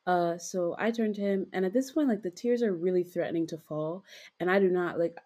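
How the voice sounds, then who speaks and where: A woman's voice: on the low side, a little fast, dark tone. A young woman co-hosting a podcast, retelling a dream in a rambling, giggly way with lots of fillers and casual swearing. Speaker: podcast co-host.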